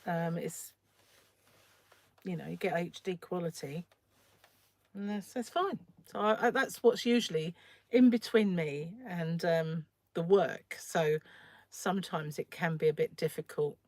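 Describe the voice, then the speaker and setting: A croaky woman chats away on a crochet livestream, her voice a touch low and recorded close and dry on a phone. She rambles easily from one thought to the next, pausing to clear her throat. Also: a little mellow, dry recording. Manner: chatty and rambling, often trails off. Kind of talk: casual livestream chat while crocheting.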